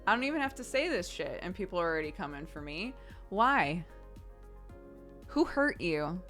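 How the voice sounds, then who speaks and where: A woman in her thirties, a streamer casually answering chat questions in a relaxed, chatty way and laughing often. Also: fairly low pitch, normal speed, faint music behind.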